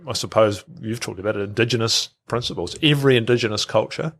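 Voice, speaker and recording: A man's voice: on the low side, quick pace, creaky, fairly bright tone. A middle-aged man, a podcast guest who talks casually, repeats words and acts out quoted thoughts. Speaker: guest, health researcher.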